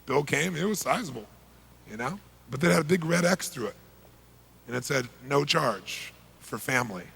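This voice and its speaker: A middle-aged man, a motivational speaker, telling a story emphatically, swinging from loud bursts to hushed lines. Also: fairly high pitch, lively intonation, a little fast, creaky, husky.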